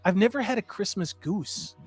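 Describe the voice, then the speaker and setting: A man in his fifties chatting casually as a stream host, an animated storyteller who swings between loud and soft. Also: high-pitched, moderate pace, husky, soft background music. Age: 50s. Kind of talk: casual chat.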